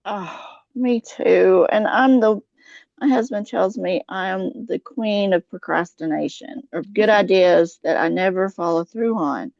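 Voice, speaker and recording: Slow-talking Southern US woman, dull dry sound. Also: medium pitch, creaky, a little mellow, no room sound. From American South. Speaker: podcast co-host. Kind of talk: casual chat.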